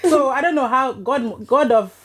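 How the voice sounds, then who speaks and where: A woman in her forties, a podcast guest, telling her story in a lively, laughing way. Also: sits high, normal speed, a loud crowd. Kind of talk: casual chat, storytelling. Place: podcast studio.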